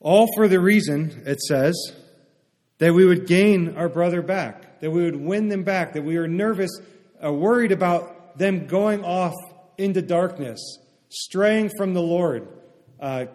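Conversational preacher in an echoing hall. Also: male voice, high voice, a little slow, darkish tone. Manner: conversational, asks the congregation "right?". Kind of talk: sermon. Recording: long reverb of a hall.

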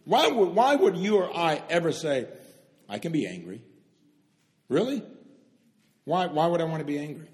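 Man, preacher, sermon, emphatic then hushed, slightly high-pitched, echoing church hall. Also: expressive, normal speed. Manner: fervent, swings from loud emphatic stresses to hushed, solemn lows. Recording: long hall reverb.

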